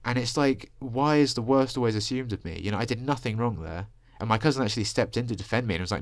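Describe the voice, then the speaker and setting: A young vlogger with a deep voice rants through a rambling personal monologue, swearing and filling it with "like" and "you know." He talks very fast with hardly any pauses. The desk-microphone recording has no room sound.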